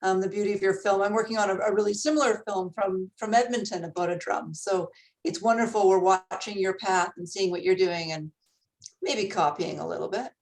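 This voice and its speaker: A woman's voice: medium pitch, fairly even intonation, fairly quick, poor audio. A woman from a film board staff joining a video-call panel, explaining in a friendly, informative way.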